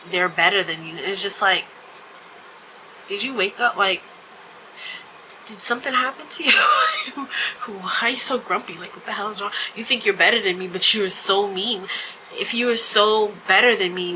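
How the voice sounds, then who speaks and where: Woman, vlog host, very bright sharp voice, chatty storyteller, everyday casual talk. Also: mid-range voice, a little hiss or hum, poor audio. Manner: chatty storytelling with frequent fillers and laughs.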